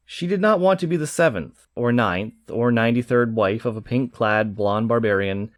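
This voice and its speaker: Male narrator for comic fiction, animated reading, dry sound. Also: mid-range voice, dry recording. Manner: lively, expressive reading. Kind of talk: audiobook narration.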